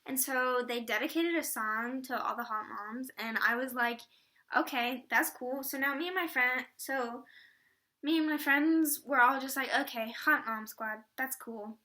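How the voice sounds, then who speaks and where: A woman's voice: high voice, measured pace, sharp tone. A teenage girl vlogging in a casual, rambling way with lots of fillers, from the Atlanta area. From Atlanta area, US Southern. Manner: bubbly, rambling with many fillers. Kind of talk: casual chat.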